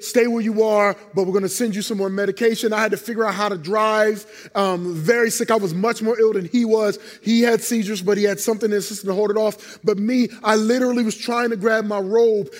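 A middle-aged male pastor preaching in church, telling personal stories with emotion and voicing God's replies. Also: high voice. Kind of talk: sermon. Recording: long church hall reverb.

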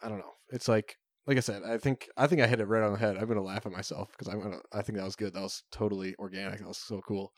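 A man's voice: lowish voice, steady tone, fast, few pauses, no echo, clean studio sound. A man co-hosting a podcast, chatting casually, rambling with many fillers and restarts. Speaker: podcast co-host. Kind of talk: casual chat.

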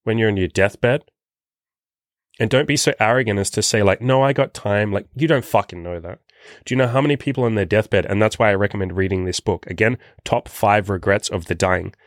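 A man's voice: fairly low pitch, brisk, no echo, clean studio sound. A young adult man coaching self-improvement in a blunt, profane, pushy monologue. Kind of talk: motivational monologue.

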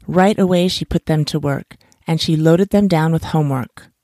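A woman reading a children's bedtime story aloud for her podcast in a calm, even way. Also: sits low, moderate pace, dry recording, clean studio sound.

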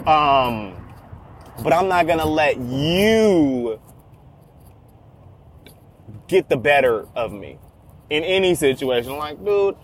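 A young man telling a story in a casual, profane, animated rant, repeating himself a lot. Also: a little high, a little hiss or hum.

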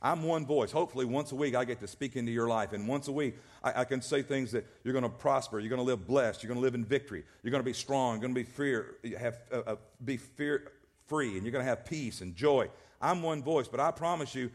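A man's voice: mid-range voice, quick pace. A male pastor preaching a sermon, emphatic and repetitive, often restarting his words. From American South.

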